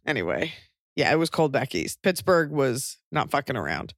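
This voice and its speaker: Wry deadpan woman podcast host. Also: very deep voice, moderate pace, dry recording, studio quality. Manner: wry, deadpan jokey rants. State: pregnant. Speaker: podcast host and touring comedian. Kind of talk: casual podcast chat.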